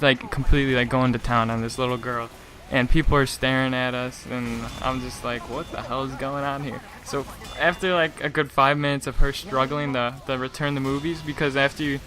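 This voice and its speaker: A young man tells a long, meandering story in a loose, chatty way, stumbling and restarting often. His voice has a bright, forward edge. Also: mid-range voice, a little hiss or hum. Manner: rambling, lots of "like" and restarts, laughing asides. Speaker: gaming channel host. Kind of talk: casual storytelling rant.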